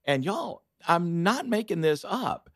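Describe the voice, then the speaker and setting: A man, a pastor telling lively stories as a guest in a studio conversation. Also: high-pitched, takes it slowly, dry recording. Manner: lively, acts out voices in his stories. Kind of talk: animated storytelling in a studio conversation.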